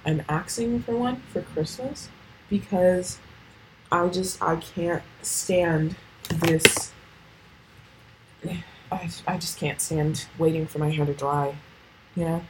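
A woman's voice: lowish voice, takes it slowly, pauses often, a little mellow, slight background noise, poor audio. A teenage girl hosting a casual solo podcast, rambling with lots of fillers and swearing. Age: teens. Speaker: podcast host.

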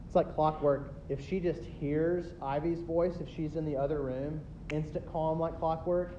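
Mellow-voiced man preaching a sermon. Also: fairly even intonation, normal speed, hardly any pauses. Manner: emphatic preaching that swings between loud builds and quiet asides. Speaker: pastor. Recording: dull lo-fi recording with faint rumble.

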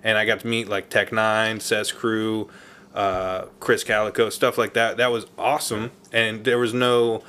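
A man's voice: lowish voice, flat delivery, unhurried, pushed and bright, smooth. A man on a casual podcast, rambling with many fillers and asking others about their experiences. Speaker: podcast co-host. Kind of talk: casual chat.

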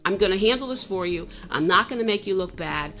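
A woman's voice: mid-range voice, lively intonation, fairly quick, fairly bright tone, soft background music. A middle-aged woman telling a personal story in a candid, self-reflective way, often restarting her sentences.

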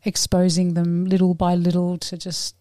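A woman in her late forties telling personal stories in a casual interview, animated and frank, acting out the voices she quotes. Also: lowish voice, normal speed, no room sound, studio quality. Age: 40s. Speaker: podcast guest.

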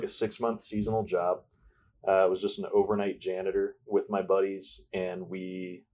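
Deep-voiced young man, laid-back chat. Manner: relaxed, rambling with fillers and sarcastic asides. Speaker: podcast guest. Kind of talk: casual interview chat.

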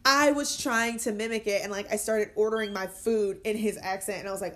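A young adult woman chatting casually as a podcast guest, talkative and quick to laugh. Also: mid-range voice, steady tone, fairly bright tone. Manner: chatty, laughs easily, many fillers. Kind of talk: casual chat.

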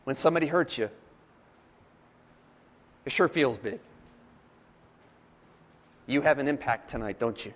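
A man's voice: medium pitch, animated, measured pace, pauses often, long reverb tail. A man preaching a sermon at a church camp, emphatic and repetitive, often putting questions to his listeners. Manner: emphatic, repetitive, quizzes the audience.

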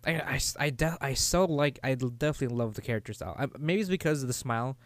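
A man co-hosting a casual podcast chat, halting and repeating words as he talks, often laughing. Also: medium pitch, no echo. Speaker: podcast co-host.

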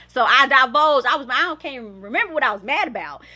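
Young woman, podcast host, candid reflective chat, bright clear tone, laughs now and then. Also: sits high, animated, brisk. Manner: candid, conversational, laughs often. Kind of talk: reflective personal talk.

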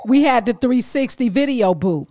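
A woman co-hosting a casual podcast, telling stories in lively speech and acting out the people in them. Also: fairly high pitch, normal speed, no echo, clean studio sound. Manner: animated storytelling with slang and acted-out voices. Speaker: podcast co-host.

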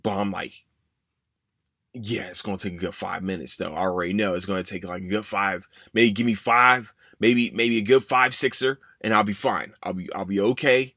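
A young man hosts a podcast in a fairly low, bright, forceful voice, keeping a steady tone at a moderate pace with no room sound. He tells a casual personal story in a rambling way, cursing, apologizing, and voicing what he once thought.

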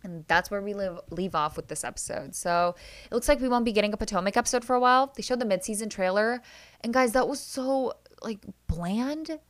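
A woman's voice: mid-range voice, a little fast. A young woman hosts a solo podcast and recaps reality TV episodes. She is chatty and opinionated and keeps calling her listeners guys. Her voice sits at a middle height. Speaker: podcast host.

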